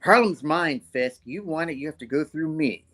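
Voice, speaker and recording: A man's voice: fairly high pitch, expressive, moderate pace, a bit bright, voice pushed up. A man voicing a cocky young female vigilante who taunts her rivals. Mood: taunting.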